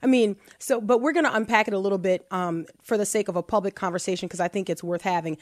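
A woman hosts a faith-based talk show in an animated, conversational way. She laughs often and breaks off to restart her sentences. The sound is close and dry, with a mid-range voice. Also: medium pitch, fast talker, no echo. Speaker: podcast host.

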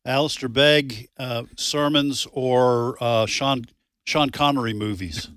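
A man's voice: mid-range voice, steady tone, slow, fairly bright tone, smooth, no echo, studio quality. A man co-hosting a live radio talk show, chatting casually, laughing often and rambling with restarts. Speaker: radio co-host.

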